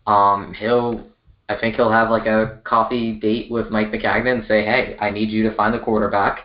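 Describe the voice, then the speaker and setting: A man's voice: on the low side, level tone, normal speed. A man co-hosting a casual sports podcast, joking around and often hesitating. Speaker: podcast co-host. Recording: roomy, dull lo-fi sound.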